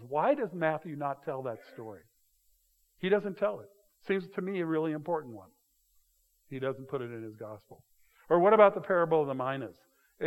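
A man with a slightly high voice preaches a sermon in a casual, storytelling way, acting out the people in his stories. His voice carries a long reverb from a big hall. The sound is somewhat dull. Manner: conversational, animated storytelling with quick acted-out voices. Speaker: pastor.

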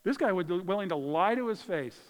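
A man preaching a sermon in a conversational way, swinging between loud emphasis and hushed moments, in a church. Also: high voice, animated, brisk. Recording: long hall reverb.

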